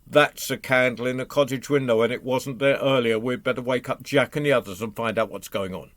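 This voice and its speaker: A man voicing a level-headed donkey in a told folk tale, speaking slowly and plainly. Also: medium pitch, fairly even intonation, fairly bright tone, dry recording, close to an everyday voice. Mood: sensible. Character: sensible, slow-talking donkey.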